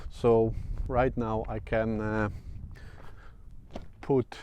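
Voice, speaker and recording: A man's voice: lowish voice, flat delivery, drawn-out words, a little mellow, slight background noise. A man with a Polish accent talking through a casual vlog, hesitant, with many fillers and restarts. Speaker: vlogger. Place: outdoors at sunset.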